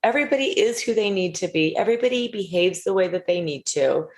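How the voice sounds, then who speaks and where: A woman's voice: fairly low pitch, lively intonation, quick pace. A middle-aged woman speaking as a podcast guest, earnest and storytelling as she gives advice to listeners. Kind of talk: casual interview chat.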